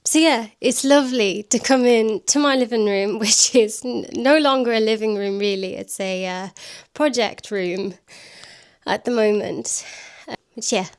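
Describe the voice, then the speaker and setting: A woman vlogging from her living room at home in a chatty, self-deprecating way, laughing often and slipping into soft baby talk with her dog. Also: fairly high pitch, measured pace, clean tone. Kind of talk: casual vlog chat.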